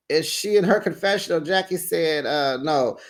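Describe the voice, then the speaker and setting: A host casually recapping a reality TV episode, animated and sassy, tossing in "child" and "honey". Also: mid-range voice, a little slow. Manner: animated and sassy, quotes cast members; colloquial, says "child" and "honey".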